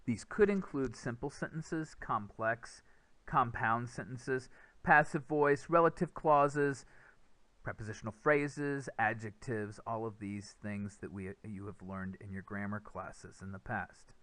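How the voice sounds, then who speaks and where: A man's voice: mid-range voice, a little slow, a bit bright, no echo. A man giving a recorded lesson over slides on speaking-test skills, explaining step by step and sounding out speech rhythm with nonsense syllables. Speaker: English test teacher.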